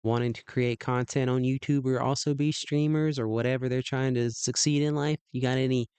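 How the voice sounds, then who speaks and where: A man's voice: medium pitch, steady tone, fairly quick, darkish tone, clear, resonant tone, no echo. A man hosting a livestream, chatting casually, rambling with lots of fillers and laughs. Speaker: livestream host.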